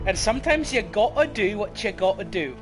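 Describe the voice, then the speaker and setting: A man's voice: high-pitched, big pitch swings, a little fast, over music. A man putting on a hammy Scottish brogue. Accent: put-on Scottish. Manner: playful, over-the-top caricature. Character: exaggerated Scottish-accented man, caricatured.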